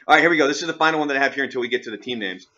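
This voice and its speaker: A man's voice: medium pitch, very fast, bright, forceful tone, highs cut off. A man from Oregon hosting a radio show, teasingly quizzing his co-host in casual banter. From Oregon, USA. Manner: playful, teasing quizmaster.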